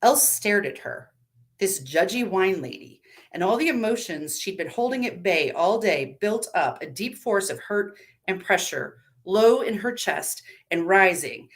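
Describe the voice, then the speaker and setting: A woman narrating a dark story at a live reading, in a low, measured voice.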